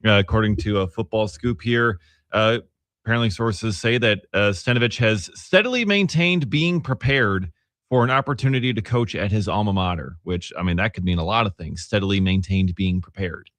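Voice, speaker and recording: A man hosting sports talk radio in a studio, speaking casually with many fillers and halting restarts as he reads through a list. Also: on the low side, a bit bright, no echo.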